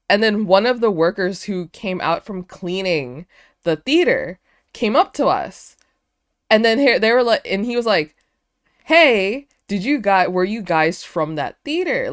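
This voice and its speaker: A woman's voice: medium pitch, very animated, moderate pace, no echo, studio quality. A young woman streamer telling a casual story to her chat, chatty, with lots of fillers. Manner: chatty, many fillers, bursts of laughter.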